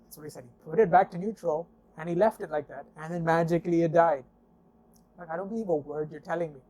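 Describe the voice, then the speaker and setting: Guy telling a car story, warm relaxed voice, keeps going "i'm like", acts out the back and forth. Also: on the high side, quick pace. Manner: animated storyteller who acts out dialogue; conversational, with frequent fillers and "I'm like". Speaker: guest telling car stories. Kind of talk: casual spoken anecdote.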